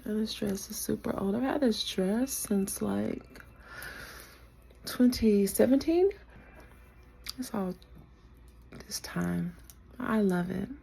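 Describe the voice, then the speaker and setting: A woman's voice: medium pitch, lively intonation, slow pace, vocal fry, long pauses, mellow, slightly rough. A woman vlogging a reflective casual rant into her phone camera, laughing now and then. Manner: reflective, talks to herself, laughs often.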